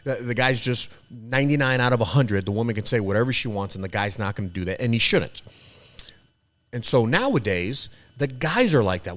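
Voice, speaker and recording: A man's voice: medium pitch, lively intonation, fairly quick, fairly bright tone. A man on a podcast giving blunt, profane opinions in casual conversation. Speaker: podcast guest.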